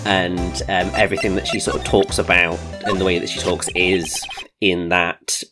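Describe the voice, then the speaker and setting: A man's voice: low voice, little pitch movement, moderate pace. A man from the English Midlands co-hosting a game playthrough, chatty and explanatory, drifting into side topics, with game music behind. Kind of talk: casual chat.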